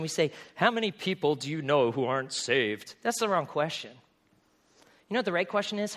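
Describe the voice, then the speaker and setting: Man, pastor, high voice, lively conversational sermon, from New England. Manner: animated, conversational preaching with voiced asides.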